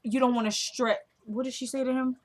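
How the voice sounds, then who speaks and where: A woman's voice: high voice, a little fast. A woman chatting casually in a vlog, recapping a TV episode and acting out the characters' lines as she goes. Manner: retells scenes acting out both characters' lines; animated and chatty, addresses viewers as y'all. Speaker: TV show reviewer.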